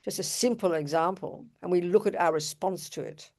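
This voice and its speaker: A woman's voice: on the low side, normal speed, darkish tone. An older woman giving an earnest, emphatic Buddhist dharma talk, with rhetorical asides to her audience. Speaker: Buddhist teacher.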